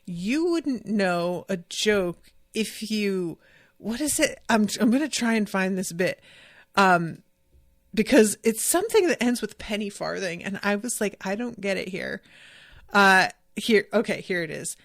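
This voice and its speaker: A woman's voice: medium pitch, expressive, a little slow, no room sound, clean studio sound. A woman hosting a podcast, recapping a TV episode in casual chat, rambling and correcting herself as she quotes scenes. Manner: chatty, rambling, self-correcting, quoting scenes. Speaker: podcast host.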